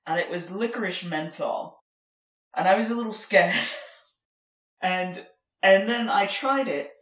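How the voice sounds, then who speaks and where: A woman's voice: medium pitch, a little slow, fairly bright tone, echoey room. A young woman from Germany co-hosting a podcast, chatting casually with lots of fillers and laughter. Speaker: podcast co-host. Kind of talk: casual chat.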